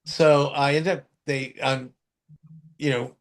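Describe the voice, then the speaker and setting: A podcast host tells a story slowly and flatly in casual conversation, rambling with many fillers and restarts. When he quotes other people, he acts out their voices in high shouts.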